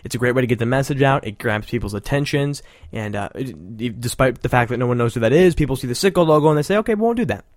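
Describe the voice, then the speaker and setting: A man's voice: medium pitch, quick pace, few pauses, no room sound, studio quality. A man hosting a show, giving casual, sarcastic, rambling commentary with frequent laughter. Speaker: podcast host.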